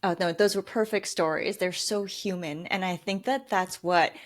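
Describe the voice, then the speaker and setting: A woman's voice: fairly low pitch, fairly even intonation, normal speed. A woman hosting a podcast interview, encouraging as she asks her guest questions. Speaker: podcast host. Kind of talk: conversational interview.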